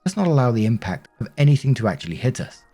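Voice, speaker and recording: A man's voice: medium pitch, sing-song, fast talker, dark tone, breathy edge, faint music behind. A man reading the lines of a wounded, accusing wife in his own voice while narrating a Reddit story. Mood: bitter. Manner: bitter, reproachful, pleading.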